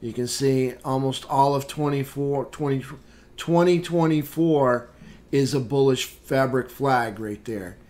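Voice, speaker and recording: Slow-talking man walking through charts. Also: medium pitch, darkish tone. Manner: unhurried, plain chart commentary with fillers. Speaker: trading room host. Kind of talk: live market recap walkthrough.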